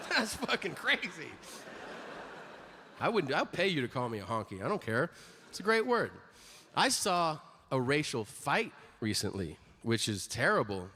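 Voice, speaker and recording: A man doing a stand-up comedy routine on stage, animated, breaking into high-pitched voices for the people he quotes. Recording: live in a reverberant hall with audience noise. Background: audience laughter.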